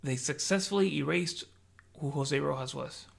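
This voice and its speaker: A man rambling on a casual podcast, spinning wild hypotheticals and saying "dude" at every turn. His voice is gravelly and husky, sitting slightly high for a man. He often drops into hushed, whispered asides when acting out other people. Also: normal speed. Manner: rambling, says "dude" constantly, acts out scenarios in hushed voices. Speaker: podcast co-host. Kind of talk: casual chat.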